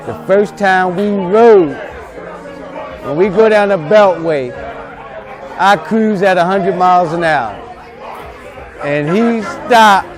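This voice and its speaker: A man with a high voice speaks slowly and haltingly in an emotional tribute to his friend. Music and crowd noise sit clearly under him. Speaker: close friend giving a tribute. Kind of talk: casual spoken tribute. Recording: music and crowd chatter behind.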